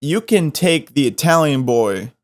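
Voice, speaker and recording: A man's voice: on the high side, expressive, unhurried. A young man from the Midwest with a faint Southern twang, hosting a podcast in a loose, joking, rambling style full of restarts. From American Midwest. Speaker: podcast host. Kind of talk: casual solo podcast chat.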